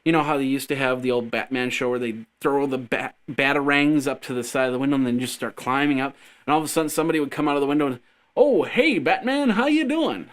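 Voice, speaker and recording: A man's voice: mid-range voice, fairly even intonation, fast, a bit bright, clean tone. A man hosting a casual tech news show, rambling and joking as he stumbles over his words. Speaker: podcast host.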